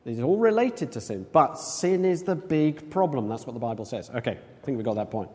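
Animated preacher in an echoing hall. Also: male voice, medium pitch, brisk. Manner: animated, conversational, acts out quoted voices. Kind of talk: sermon. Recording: long echo of a large hall.

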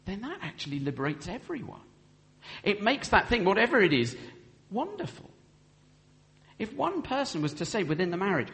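This man preaches a sermon on marriage, his high-pitched voice swinging hugely in pitch at a moderate pace with a slightly bright quality. He speaks earnestly and acts out the vows in quoted speech, all under a long hall reverb.

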